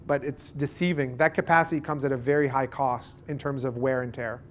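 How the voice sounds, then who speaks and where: Canadian male seminar presenter, slightly high voice, animated, fond of analogies. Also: brisk, a little hiss or hum. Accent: Canadian English. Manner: animated, uses everyday analogies and acted-out dialogue. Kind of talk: live boat show seminar talk. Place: boat show seminar room.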